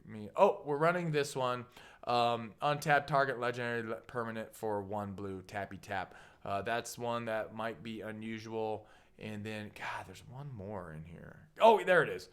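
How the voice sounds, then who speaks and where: Playful rambling man showing off a deck. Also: fairly bright tone. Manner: playful and rambling, with goofy asides and pitch jumps. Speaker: deck tech host. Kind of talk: casual card-by-card deck walkthrough.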